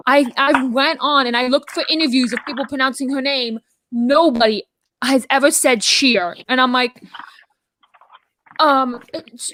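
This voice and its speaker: A woman co-hosting a casual talk show, telling stories in a rambling, animated way full of restarts. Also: high voice, normal speed, slight background noise. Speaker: podcast co-host. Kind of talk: casual chat.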